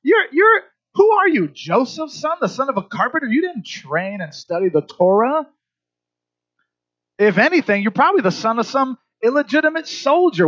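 A man's voice: very high voice, fairly bright tone, no room sound, dull audio, pitched above the performer's own voice, exaggerated voice. A man voicing scornful male religious teachers who mock with incredulous rhetorical questions.

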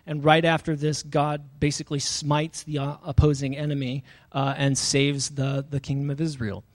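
A man's voice: on the high side, flat delivery, moderate pace. A young adult man preaching a sermon in a casual, conversational way, often using fillers and reading scripture passages aloud. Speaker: pastor.

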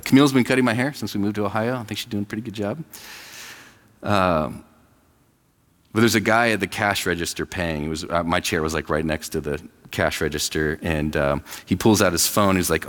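Deep-voiced pastor preaching in a hall. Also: male voice. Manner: conversational, acts out quoted voices. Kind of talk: sermon. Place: church sanctuary.

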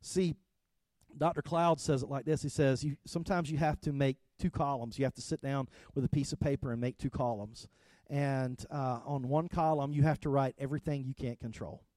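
A middle-aged man, a pastor, preaching a conversational sermon that restarts words often and swings between soft and loud. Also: medium pitch, fairly even intonation, normal speed, no echo. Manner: conversational preaching with repeated starts and swings in loudness.

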